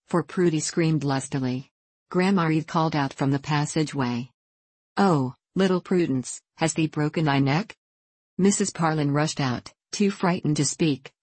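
A woman narrating a children's storybook in a gentle, even reading voice. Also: low-pitched, husky, no room sound.

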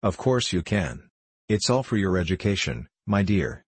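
Man reading as a brisk, fond mother. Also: low-pitched, sing-song, slightly rough, no echo, exaggerated voice. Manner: vigorous, affectionate. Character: warm Eastern mother, energetic.

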